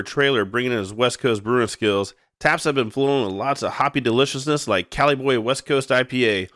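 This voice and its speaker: A man's voice: medium pitch, fairly bright tone, clear, resonant tone, dry recording, clean studio sound. A man, the host of a beer show, reading sponsor spots in an easygoing way. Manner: easygoing, laughs along. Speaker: podcast host. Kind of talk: casual chat and read ads.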